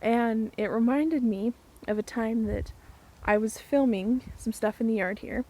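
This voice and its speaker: A woman's voice: on the high side, unhurried, warm tone, poor audio. A woman vlogger casually telling a funny story to the camera, outdoors in her garden, chatty and laughing as she goes.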